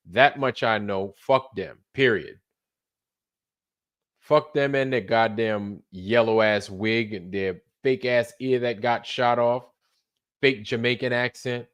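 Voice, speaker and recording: A man's voice: medium pitch, fairly bright tone, clean tone. A man hosting a late-night livestream, rambling loosely, swearing freely and repeating himself as he trails off. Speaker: livestream host.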